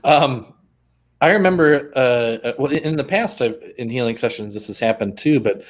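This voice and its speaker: A man's voice: mid-range voice, moderate pace. A man co-hosting a casual chat, thoughtful and giggly, with plenty of fillers. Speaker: podcast co-host.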